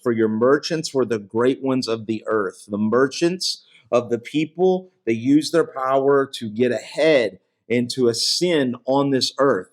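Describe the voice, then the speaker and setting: A man teaching through a Bible chapter verse by verse in a relaxed, conversational way, with many fillers and check-ins, and his voice drops low on solemn lines.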